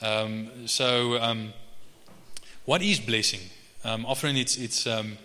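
A male pastor preaching a sermon in a conversational way, with frequent restarts, and reading scripture slowly. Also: medium pitch, pushed and bright. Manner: slow measured reading of scripture. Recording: reverberant hall.

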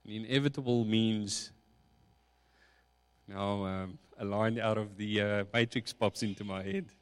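A man preaching a sermon, slow and reflective, building emphasis on key points. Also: lowish voice, steady tone, smooth. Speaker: pastor. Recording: long hall reverb.

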